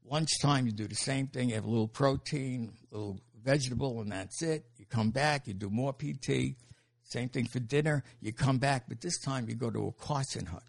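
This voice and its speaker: An older man telling stories as an interview guest, animated and laughing, with casual swearing. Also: medium pitch, moderate pace, creaky. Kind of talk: storytelling in an interview.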